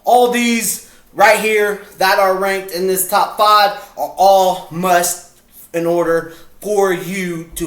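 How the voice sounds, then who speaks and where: A man with a high, bright voice chats casually as the host of his video, playful and rambling, losing his thread and starting over. He speaks at an unhurried pace, in an echoey room. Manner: rambling, playful, breaks off and restarts. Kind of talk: casual chat.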